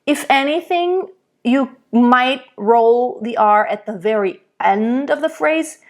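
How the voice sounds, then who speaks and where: A woman's voice: a little high, slow pace, a little mellow. A young adult woman teaching singing diction, explaining pronunciation and demonstrating phrases by singing them.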